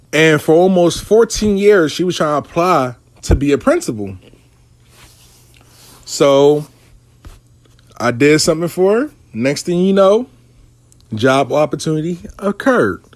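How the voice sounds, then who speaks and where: A man's voice: a little high, dry recording. A man telling a casual, profanity-laced story about his money coaching clients. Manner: animated, profane street talk.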